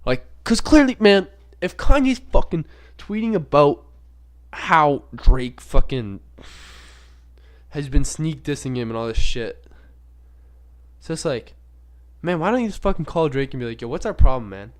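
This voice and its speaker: A man's voice: on the high side, very animated, unhurried, long pauses. A young man hosting a podcast, talking casually in a rambling, profane way with many filler words. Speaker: podcast host. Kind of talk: casual unscripted monologue.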